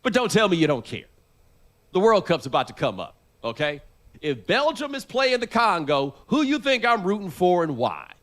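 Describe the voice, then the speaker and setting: A man's voice: sits high, sing-song, normal speed, a bit bright. Argumentative man in sports debate. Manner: argumentative, pressing with "okay?" and "all right?". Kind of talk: live-stream sports talk.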